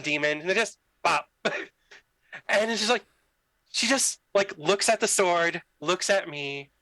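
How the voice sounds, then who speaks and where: A young man telling a story in casual chat, animated, acting out the dialogue with lots of "like" fillers. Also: high voice, dry recording, rough recording. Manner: animated, acts out quoted dialogue, many "like" fillers. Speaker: podcast guest telling a story.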